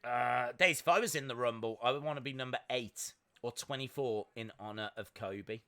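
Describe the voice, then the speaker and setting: A man's voice: medium pitch, moderate pace, a bit bright. A young man hosting a casual live wrestling watch-along, chatty and upbeat with lots of fillers, reading out viewer messages. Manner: chatty, upbeat, many fillers, reads out chat. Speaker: live-stream reaction host.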